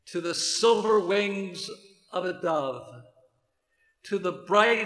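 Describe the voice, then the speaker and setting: Man preaching, high voice, slow and deliberate, scripture reading, echoey hall. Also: pushed and bright. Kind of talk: sermon. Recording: roomy hall reverb.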